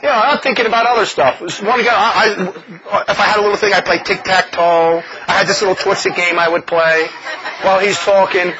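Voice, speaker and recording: A man preaching a sermon in an animated, mocking way, often laughing as he talks. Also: high-pitched, brisk. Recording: dull lo-fi recording with faint noise.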